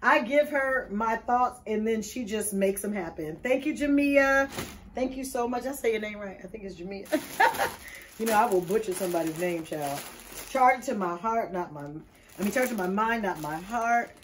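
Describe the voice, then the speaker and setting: A woman's voice: medium pitch, slight background noise. A woman hosting a casual video, opening gifts with playful, exuberant chatter. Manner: exuberant, playful, quick to laugh. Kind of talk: casual chat.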